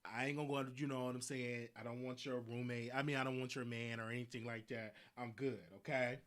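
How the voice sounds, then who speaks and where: This live-show host speaks with a Southern US accent at medium pitch and a slightly quick pace. He rambles through a story with casual animation, repeating himself and breaking into frequent laughter.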